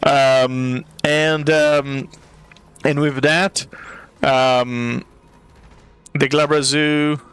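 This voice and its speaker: A man running a tabletop game as game master, narrating at an easy pace with frequent pauses to think. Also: medium pitch, flat delivery, fairly bright tone, clear, resonant tone, dry recording, faint music behind. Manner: unhurried, with many fillers and restarts.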